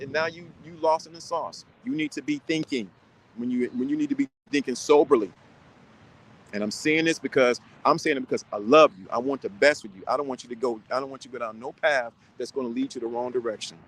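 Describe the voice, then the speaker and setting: A man's voice: medium pitch, brisk, poor audio. A man giving casual advice to viewers, talking sternly and repeating his points with lots of restarts. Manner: rambling with many restarts.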